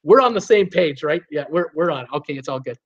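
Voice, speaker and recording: Chatty man hosting a lo-fi livestream. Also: fairly high pitch. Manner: chatty, rambling, laughs often. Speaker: live stream host reading chat. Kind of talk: casual live chat. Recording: dull lo-fi sound.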